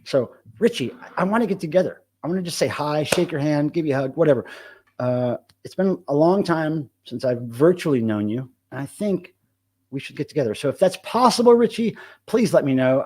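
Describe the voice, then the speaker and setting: A man's voice: a little high, breathy edge. A middle-aged man hosting a casual live stream, reading the chat aloud and talking loosely with plenty of swearing. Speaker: livestream host.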